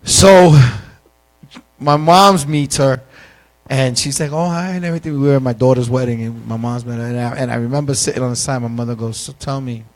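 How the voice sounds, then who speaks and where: A man hosting a casual talk show, telling animated stories and acting out quotes. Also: mid-range voice, fairly quick. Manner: animated storyteller, acts out quotes. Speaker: host. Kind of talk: casual chat, storytelling.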